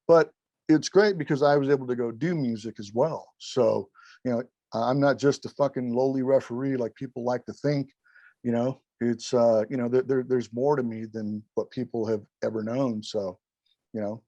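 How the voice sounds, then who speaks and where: A middle-aged man, a former wrestling referee, telling stories as an interview guest in an animated, rambling way, swearing constantly and acting out quotes. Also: medium pitch, normal speed, no echo, lo-fi sound. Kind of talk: profane, rambling storytelling.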